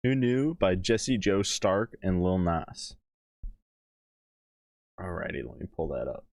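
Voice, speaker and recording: Male reaction streamer, fairly low voice, dry close mic, relaxed rambling chat with chuckles. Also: slow pace, dry recording. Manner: laid-back, chuckling, rambling asides. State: talking with mouth full. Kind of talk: casual live-stream chat.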